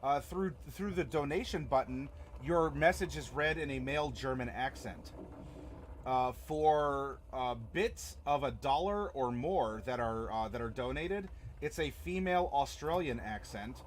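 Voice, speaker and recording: A man's voice: mid-range voice, measured pace, a little hiss or hum. A young man hosting a live stream as game master, chatting casually and rambling with many fillers and restarts.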